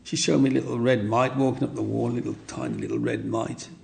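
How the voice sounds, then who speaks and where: A man's voice: medium pitch, huge pitch swings, fast talker, creaky, a little mellow. A man, telling long rambling stories about his childhood and often asking "you know what I mean". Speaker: interviewee. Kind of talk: reminiscing storytelling.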